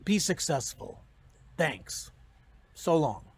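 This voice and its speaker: Brief: academic giving a recorded commencement speech, animated, storytelling. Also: mid-range voice, slow pace, slightly rough.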